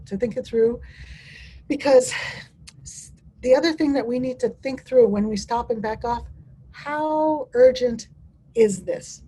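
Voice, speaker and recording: A woman's voice: on the high side, dark tone, husky, rough recording. Woman teaching a dementia care webinar. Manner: role-plays the person with dementia in first person, with many restarts. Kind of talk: webinar presentation.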